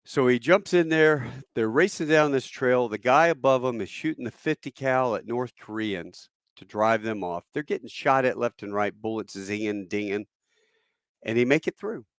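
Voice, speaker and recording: A middle-aged man telling a veteran's war story in a casual, animated way, with many fillers, acting out the quotes. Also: mid-range voice, normal speed, clear, resonant tone, dry recording, clean studio sound.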